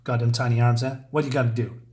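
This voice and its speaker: A man reading aloud as a brash, gruff male metal T-Rex gladiator from a comic, in a casual, jokey way. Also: medium pitch, level tone, very fast, a little mellow, pitched below the performer's own voice, natural voice. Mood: joking.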